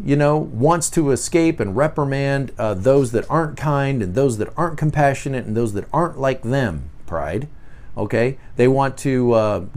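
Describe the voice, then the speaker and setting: A man's voice: mid-range voice, a little mellow. A man hosting a faith-based self-help podcast, talking reflectively, repeating his questions aloud, with frequent "uh" and "you know". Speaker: podcast host.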